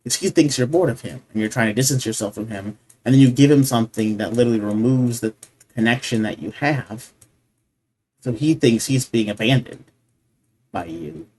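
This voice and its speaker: A man's voice: medium pitch, normal speed, a little mellow, slight background noise. A man hosting a reaction video. He talks through his thoughts casually and earnestly, often restarts his sentences and keeps asking "right?". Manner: restarts sentences while thinking aloud.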